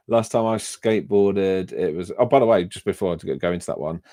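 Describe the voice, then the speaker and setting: A man with an English accent talks through a casual livestream in a deep, low voice. He wanders between stories, restarting sentences and laughing often. The sound is dry and close, with no room echo. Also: normal speed, warm tone. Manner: rambling, laughs often, frequent restarts and fillers. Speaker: livestream host reading chat. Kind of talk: casual live-stream chat.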